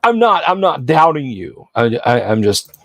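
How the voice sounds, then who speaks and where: A man's voice: a little high, sing-song, normal speed, fairly bright tone, no room sound. A man hosting a livestream, chatting casually and jokingly with his viewers and rambling between points. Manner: chatty, rambling, jokey, answers chat. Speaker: livestream host.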